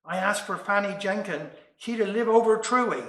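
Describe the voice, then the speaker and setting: A man's voice: high-pitched, moderate pace, a bit bright, reverberant. A man doing a lovesick Cornish lad.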